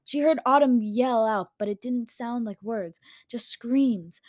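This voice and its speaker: A woman's voice: fairly high pitch, measured pace, darkish tone, no room sound. A woman reading a story aloud in a casual way, with slips and corrections, into a home microphone. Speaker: story reader.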